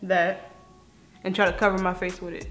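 A young woman co-hosting a casual challenge vlog, giggly and animated. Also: fairly low pitch, moderate pace. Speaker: co-host. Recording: echoey room with faint music.

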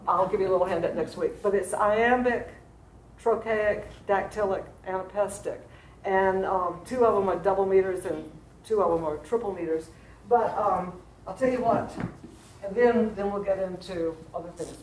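A woman's voice: mid-range voice, a little hiss or hum. A woman teaching an adult class in a church classroom, lecturing in a chatty way with fillers and asides to her students. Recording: roomy classroom recording.

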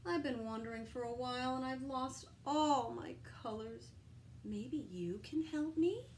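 A woman's voice: high voice, a little slow, darkish tone, slight background noise. A woman voicing a lost, sad little boy unicorn in a storybook, speaking in a plaintive, tearful way. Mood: hopeful.

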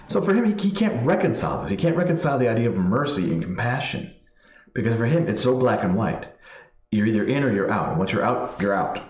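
A man, a priest, slowly reading scripture and then explaining it in plain spoken asides. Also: mid-range voice, big pitch swings, darkish tone. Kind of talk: Bible study commentary. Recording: echoey room sound.

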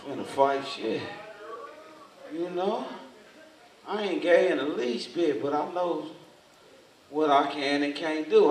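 A man doing stand-up comedy in a large hall, telling his story loudly and with lots of swearing. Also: on the high side. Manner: loud, profane, animated storytelling. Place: large hall in front of a live audience. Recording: echoey hall, voice from far, noisy.

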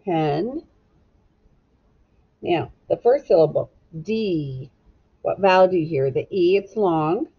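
A woman with a fairly low voice leads a children's phonics lesson, slowly sounding out syllables and spelling words letter by letter. She speaks gently and encouragingly to the young learners. The recording sounds dull and lo-fi. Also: animated, husky. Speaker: teacher.

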